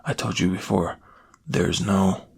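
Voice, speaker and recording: A man's voice: sits low, slow pace, creaky, husky, heavily acted. A man voicing a frantic older male scientist with a Scottish accent in a whispered role-play, brusque and then lecturing. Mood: irritable.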